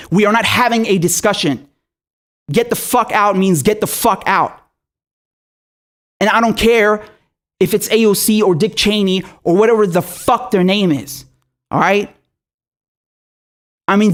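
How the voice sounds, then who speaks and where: A man who is a political commentator, delivering an angry and profane rant full of rhetorical questions. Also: sits high. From Syria.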